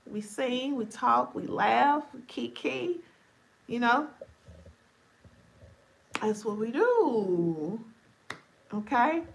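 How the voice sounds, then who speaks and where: A woman's voice, a little high and marked by vocal fry, comes from a drowsy, chatty live-streamer. She addresses viewers playfully and casually while sleepiness makes her voice deep and scratchy.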